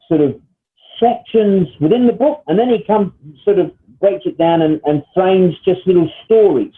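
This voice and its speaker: A man teaching a Bible study lesson, explaining step by step and often checking in with "all right?" and "okay?". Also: high-pitched. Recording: tinny phone-like sound.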